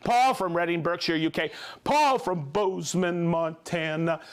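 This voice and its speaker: A man hosting a live stream, reading viewers' names and hometowns with upbeat excitement and frequent whoops. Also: on the high side, measured pace, clean tone. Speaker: livestream host. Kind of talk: live stream shout-outs.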